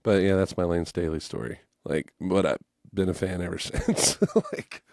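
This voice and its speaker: A man's voice: low-pitched, moderate pace, darkish tone, dry recording, clean studio sound. A man in his forties, a musician guest on a podcast, telling stories casually, acting out voices and swearing freely. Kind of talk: casual storytelling chat.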